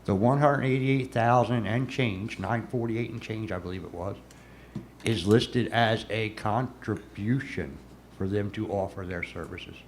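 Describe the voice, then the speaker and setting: A man's voice: on the low side, measured pace, slight background noise. A man serving as a city commissioner, pressing his points in a council meeting and often repeating words.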